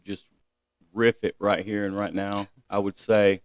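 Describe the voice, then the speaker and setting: A man's voice: lowish voice, level tone, a little slow, no room sound, muffled recording. A man guesting on a podcast, laid-back and slangy, often calling people dude. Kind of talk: casual podcast chat.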